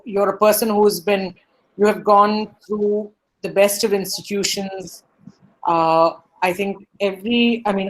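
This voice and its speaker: A woman's voice: mid-range voice, rough recording. A woman giving a gracious, earnest vote of thanks for the campus. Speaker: campus representative.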